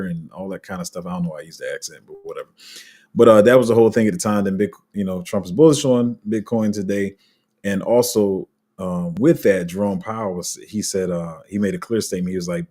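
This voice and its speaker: A man with a very low, husky voice talks loosely through crypto news on a livestream. He rambles, restarts and answers his viewers' comments as he goes. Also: fast talker, dark tone. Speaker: crypto streamer.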